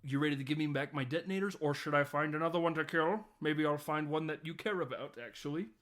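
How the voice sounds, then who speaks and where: A man putting on a cold, taunting villain who issues threats. The delivery is a bit louder and pushier than his usual voice, in a casual movie recap. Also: fairly high pitch, fast, close to an everyday voice. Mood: menacing.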